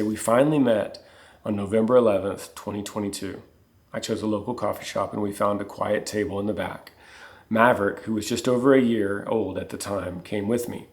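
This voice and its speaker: A man co-hosting a casual chat, reading passages from a book aloud, earnest and easily moved. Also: lowish voice. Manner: earnest, gets emotional. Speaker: co-host.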